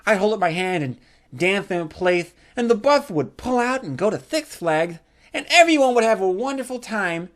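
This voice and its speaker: A man voicing a smooth-talking young boyfriend with an overly sweet tone. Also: extremely high pitch, fairly bright tone, exaggerated voice.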